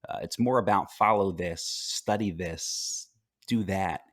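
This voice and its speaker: A man working as a life coach, speaking calmly and reflectively as a guest in a podcast interview, with frequent fillers and restarts. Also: low voice, slow pace, dry recording, studio quality. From United States.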